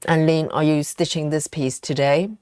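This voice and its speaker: Female stream host, lowish dry voice, chatty and giggly, answers chat between bites of chocolate. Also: steady tone, moderate pace, a little mellow, clear, resonant tone, no room sound. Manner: chatty and giggly, reads viewer comments aloud; snacks on chocolate while talking. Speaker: livestream host. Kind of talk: casual live-stream chat while cross-stitching.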